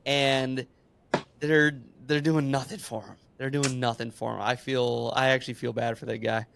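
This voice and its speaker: A man's voice: medium pitch, little pitch movement, normal speed, creaky, fairly bright tone, slight background noise. A young man co-hosting a casual sports podcast, blunt and swearing freely. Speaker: podcast co-host.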